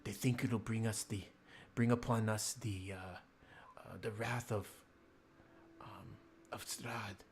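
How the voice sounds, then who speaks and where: A man playing a gentle, frightened young noblewoman. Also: on the low side, steady tone, unhurried, noisy background, natural voice. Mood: pleading. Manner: soft, hesitant, with restarts.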